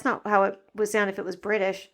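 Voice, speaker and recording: A woman's voice: medium pitch, flat delivery, a little fast. Blunt, incredulous woman who swears freely. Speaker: podcast co-host. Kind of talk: casual chat.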